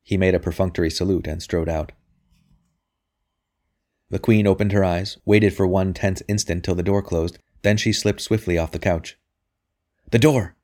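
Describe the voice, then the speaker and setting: A man narrating a novel as an audiobook reader, in a steady, even delivery. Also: low-pitched, moderate pace. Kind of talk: scripted narration.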